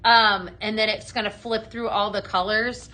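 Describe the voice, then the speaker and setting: A woman's voice: medium pitch, fairly even intonation, normal speed, sharp tone. A woman hosting a live shopping show, gushing over products with many ums and reading out viewer comments. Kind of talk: live product demo chat.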